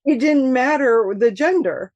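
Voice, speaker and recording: A woman from Michigan chatting as an author guest in an interview, animated and laughing often as she tells stories. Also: high-pitched, unhurried, dry recording, dull audio. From Michigan, USA. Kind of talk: casual interview chat.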